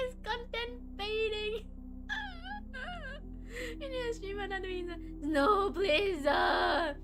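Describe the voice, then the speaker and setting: A high, bright young woman streaming live, chatting in a giggly, excitable way and laughing often. She talks at an unhurried pace. Soft music plays faintly behind her. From Malaysia. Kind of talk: casual live stream chat.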